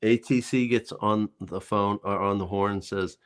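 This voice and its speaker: Low-voiced man, halting joke-telling. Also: fairly even intonation. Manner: halting delivery with repeated words and fillers. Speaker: co-host of a livestream chat. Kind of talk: casual chat, telling jokes.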